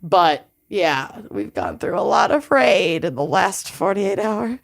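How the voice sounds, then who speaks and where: Slow-talking woman podcast co-host. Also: on the low side, lively intonation, vocal fry. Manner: chatty, laughing through stories. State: face swollen from hornet stings. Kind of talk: casual chat.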